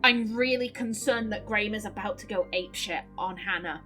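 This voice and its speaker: A woman's voice: mid-range voice, a little fast, bright, forceful tone. A woman hosting a let's play, giving earnest, worried commentary on the story over faint game music.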